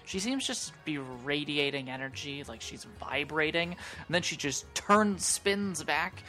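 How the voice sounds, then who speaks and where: Game master, low-pitched woman, rambling scene narration over soft music. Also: animated, measured pace. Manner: loose, rambling narration with fillers.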